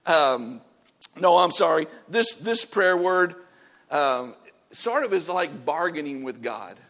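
A male pastor delivers a sermon in an easygoing, talkative way, his voice sitting a touch high. He laughs at himself now and then and moves between soft, low stretches and loud bursts of emphasis. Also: sing-song, slow pace. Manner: conversational preaching with laughter and self-deprecating asides.

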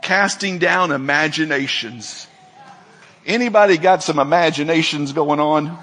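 A man's voice: on the high side, fairly bright tone. A middle-aged male preacher giving a folksy sermon, telling stories and acting out the people in them. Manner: folksy storytelling, acts out quoted voices, laughs often.

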